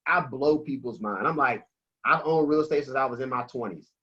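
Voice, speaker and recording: A man's voice: mid-range voice, brisk, slightly rough. Emphatic preachy man on a video call. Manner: emphatic, preachy, slangy and energetic. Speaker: financial coach guest. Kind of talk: animated motivational talk on a video call. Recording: dull lo-fi call audio.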